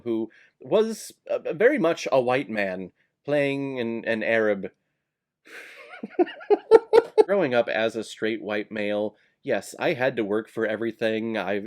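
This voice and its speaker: A man talking through a film review in a casual vlog style, sarcastic and blunt. He sounds exasperated, with a voice at an ordinary middle pitch. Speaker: movie reviewer.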